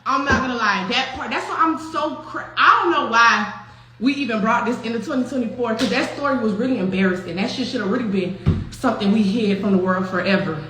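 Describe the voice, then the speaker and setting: A young woman hosting a show, telling a story in casual, profane, animated talk with frequent laughter. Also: a little high, brisk. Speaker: host. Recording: very echoey room with faint noise.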